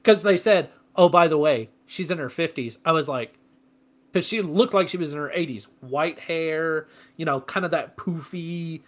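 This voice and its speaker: A man's voice: on the high side, moderate pace. A man co-hosting a podcast who tells long rambling stories in casual chat. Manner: animated, rambling storyteller. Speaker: podcast co-host.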